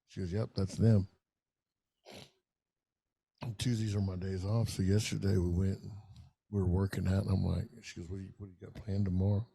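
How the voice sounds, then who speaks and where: A man's voice: deep voice, level tone, fairly quick, creaky, long pauses, dark tone, breathy edge. A middle-aged man, telling a long, profane, rambling story in casual podcast chat. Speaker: podcast co-host.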